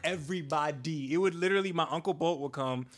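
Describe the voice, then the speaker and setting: A young man in casual podcast chat, animated and joking, laughing often. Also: on the high side, racing.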